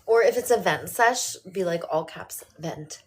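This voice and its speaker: A middle-aged woman speaking tenderly to her viewers like a mother, often sinking to a whisper and then bursting out loud. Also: mid-range voice, normal speed, slight background noise. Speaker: host talking to her viewers. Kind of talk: intimate motherly address to viewers.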